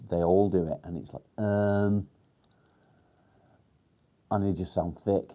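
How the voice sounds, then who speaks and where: A man from near Warrington in England, chatting casually on a livestream and reading comments, pausing often to think and filling gaps ums. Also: sits low, steady tone, mellow. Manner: halting, pauses to think with many ums; swears casually. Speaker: livestream host.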